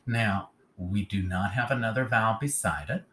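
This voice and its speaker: A man's voice: on the low side, moderate pace, fairly bright tone, slight background noise. A man teaching a phonics lesson step by step, patiently checking in with "okay?" as he goes.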